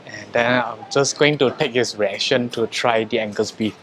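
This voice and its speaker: A man vlogging a casual review of hotel food, wine and rooms, chatty, with frequent pauses and fillers. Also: mid-range voice, steady tone, fairly bright tone, slight background noise.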